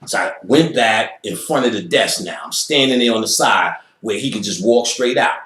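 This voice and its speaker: A man's voice: fairly low pitch, expressive, normal speed, a bit bright. A man being interviewed, telling a profane story with lots of energy and acting out other people's voices and sound effects. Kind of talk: animated storytelling. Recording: roomy echo.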